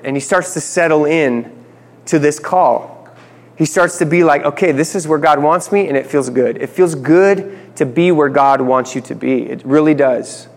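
A man's voice: a little high, in a large hall. A man giving a conversational Bible teaching, acting out dialogue and dropping playful asides.

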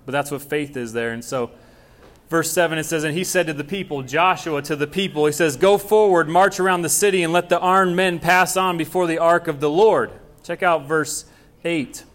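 A man's voice: a little high, normal speed, fairly bright tone. A young man preaching a sermon as pastor, casual and conversational, acting out bits of dialogue.

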